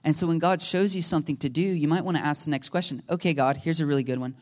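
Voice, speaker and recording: A man preaching a sermon as a pastor, telling stories with lively energy and acting out conversations with God. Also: a little high, quick pace. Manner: animated storytelling, acting out dialogue with God. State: a little emotional.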